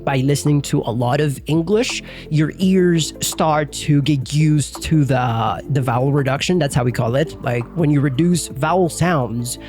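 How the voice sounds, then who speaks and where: A young man runs a laid-back English lesson, rambling with plenty of fillers and an occasional curse. His voice sits a bit high for a man. Soft music plays faintly underneath. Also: measured pace, few pauses. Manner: chatty, loose, lots of fillers and mild swearing. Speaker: English teacher. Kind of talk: casual video lesson.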